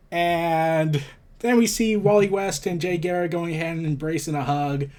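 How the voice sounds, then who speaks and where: A rambling man with a higher voice, reviewing comics. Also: steady tone, normal speed, a little mellow. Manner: rambling, stumbling asides. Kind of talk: casual commentary reading a comic aloud.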